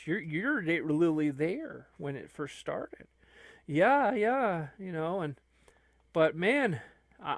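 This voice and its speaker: A man's voice: high-pitched, creaky, fairly bright tone, no echo. A man hosting a gaming channel, rambling through an improvised comic skit full of "you know"s and restarts. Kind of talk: improvised comic skit, talking to himself in character.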